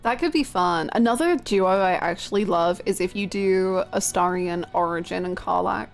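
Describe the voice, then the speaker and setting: A woman's voice: fairly low pitch, moderate pace, gravelly, faint music behind. A woman game streamer chatting casually with viewers, laughing often and swearing freely.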